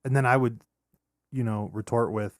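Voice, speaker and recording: A man's voice: medium pitch, normal speed, dry recording, clean studio sound. A man co-hosting a podcast in casual chat, swearing often and telling stories with sudden incredulous outbursts. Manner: profane, animated storytelling with outbursts. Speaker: podcast co-host.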